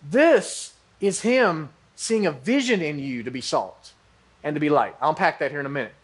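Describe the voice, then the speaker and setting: A man's voice: on the high side, expressive, moderate pace, breathy edge. A man giving a church sermon, preaching animatedly and acting out how listeners might react. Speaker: pastor.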